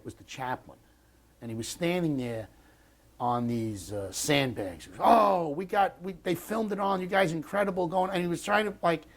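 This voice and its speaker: Older american guy in his 60s telling war stories, blunt and swearing, keeps restarting sentences, mid pitch voice. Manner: halting and blunt, with frequent restarts and profanity. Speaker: war veteran interviewee. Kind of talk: oral history storytelling.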